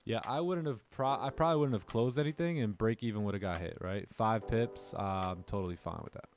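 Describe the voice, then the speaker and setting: A man's voice: fairly low pitch, a little fast. A man hosting a live trading stream in a casual chat style, joking, laughing often and reading chat messages aloud. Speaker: livestream trading host.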